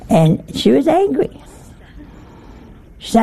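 A woman's voice: high-pitched, huge pitch swings, extremely slow, long pauses, dark tone, some chatter behind. An older woman giving a folksy sermon, often putting rhetorical questions to her listeners. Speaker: religious teacher.

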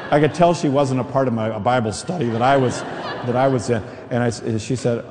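Male preacher, mellow tone, lively storytelling, echoing large hall. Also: medium pitch, brisk, slight background noise. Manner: animated storytelling, acts out voices. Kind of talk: sermon with personal story.

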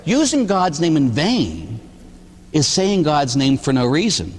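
A man serving as a Catholic priest delivers a homily in an easy, chatty manner, firing off rhetorical questions with a wry edge. His voice sits a little high and moves with a lively, wide-ranging lilt. The sound carries a long church reverb. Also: unhurried, breathy edge. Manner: animated, conversational preaching with rhetorical questions and humor. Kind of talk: sermon.

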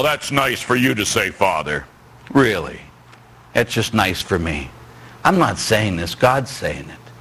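Husky male priest, mid-pitched, sermon delivery, tells stories with voices and shouts. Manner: animated storytelling, acts out dialogue, bursts into shouts. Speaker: Catholic priest.

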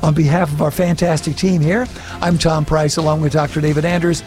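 A man hosts a radio program, reading out listener emails and signing off in a friendly tone. His voice sits a little high. Faint music plays underneath. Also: level tone, a little fast, a little mellow. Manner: friendly, reads listener emails and sign-offs. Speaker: radio show host. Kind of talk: radio hosting. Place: radio studio.

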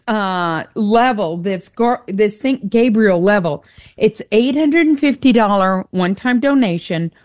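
A woman co-hosting a radio pledge drive, upbeat and teasing, repeating the phone number slowly for listeners. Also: on the high side, no echo, studio quality. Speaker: radio fundraiser co-host.

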